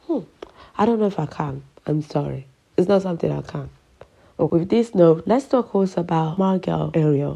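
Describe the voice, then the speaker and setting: A woman around thirty from Italy, hosting a podcast and speaking her opinions in an impassioned, emotional way, often pausing to apologize. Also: mid-range voice, creaky, dark tone, slightly rough. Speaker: podcast host. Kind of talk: personal opinion podcast monologue.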